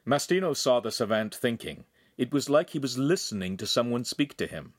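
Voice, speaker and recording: A male reader delivers scripted narration for an audiobook in an expressive storytelling manner. His voice sits in an ordinary middle register. His pitch moves with lively, animated inflection. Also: a little fast.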